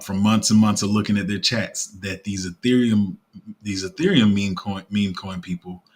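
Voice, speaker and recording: A man giving casual commentary as a crypto YouTuber, rambling with lots of fillers and restarts, his throat a bit rough. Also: on the low side.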